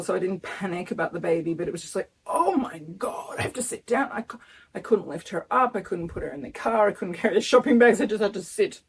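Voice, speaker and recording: A woman's voice: lowish voice, creaky, a little mellow, husky. A woman, talking earnestly and emotionally in a casual vlog, filmed outdoors in front of her house. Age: 50s. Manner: emotional, earnest, close to tears. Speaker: vlogger. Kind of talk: casual pregnancy update vlog.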